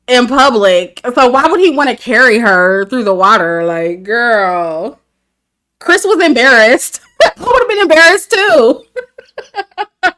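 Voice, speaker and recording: A woman's voice: high-pitched, fairly bright tone. A woman, talking casually to her chat about a dating show, candid and laughing often. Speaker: reality TV commentator. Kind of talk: casual review livestream.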